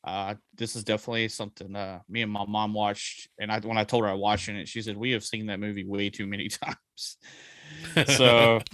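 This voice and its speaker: A man's voice: lowish voice, level tone, brisk, a bit bright, no room sound. A man, co-hosting a casual movie review podcast and rambling with jokes and fillers. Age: 40s. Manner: rambling, jokey, many ums and uhs. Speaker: podcast co-host.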